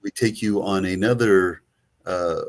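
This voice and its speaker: A man with a very low voice and a Greek accent talks through a travel itinerary in a loose, rambling way. He co-hosts a casual travel show and fills his sentences with ums and restarts. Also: unhurried. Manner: rambling, many fillers and restarts. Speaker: co-host, travel agent. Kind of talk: casual chat.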